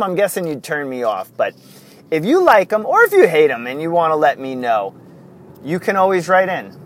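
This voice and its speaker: A man's voice: a little high, a bit bright, slight background noise. A man hosting a casual solo podcast, rambling, wandering off on tangents and chuckling often. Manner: chuckles often, many fillers. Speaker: podcast host.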